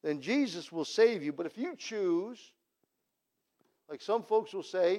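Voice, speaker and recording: A man's voice: a little high, very animated, unhurried, a little mellow. A man delivers a sermon. He tells his story in a conversational way, then swells into emphatic calls to his listeners. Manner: storytelling, rising to emphatic appeals. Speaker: preacher.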